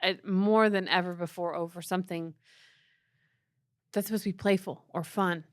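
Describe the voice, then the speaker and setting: A middle-aged woman with a fairly low voice co-hosts a faith podcast. She speaks earnestly and thoughtfully in a casual tone, recorded dry and close to the mic. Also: steady tone, normal speed, dry recording. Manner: earnest, thoughtful, with frequent filler restarts. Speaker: podcast co-host.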